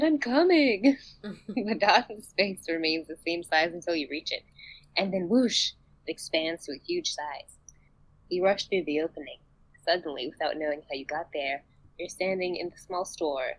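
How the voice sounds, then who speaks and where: A woman's voice: low-pitched, moderate pace, breathy edge, low-quality recording. Giggly woman reading a story aloud. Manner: playful, giggly narration. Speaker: podcast host and reader. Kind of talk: casual chat and storybook reading.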